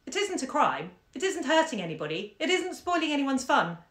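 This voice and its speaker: A woman's voice: high voice, very animated, fairly quick, a bit bright, voice pushed up. A woman voicing a weary middle-aged wife who snaps back, read aloud in an echoey room. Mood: snappish.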